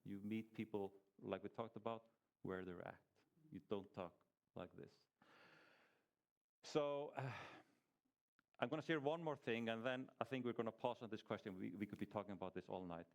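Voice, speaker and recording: This man speaks on the low side and at a brisk pace while teaching a small church group informally. His style is chatty, he quizzes the listeners as he goes, and he frequently starts sentences over.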